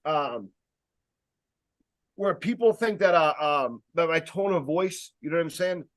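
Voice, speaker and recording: A man giving a casual sales training talk, speaking loudly and emphatically, with rambling jokey asides and plenty of fillers. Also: on the high side, lively intonation, a little slow. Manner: loud, emphatic, projecting voice.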